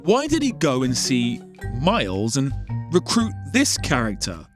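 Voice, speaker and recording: A man's voice: mid-range voice, wildly swooping pitch, unhurried, soft background music. A man narrating a comedic film critique, firing off exasperated, incredulous questions. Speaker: film commentator.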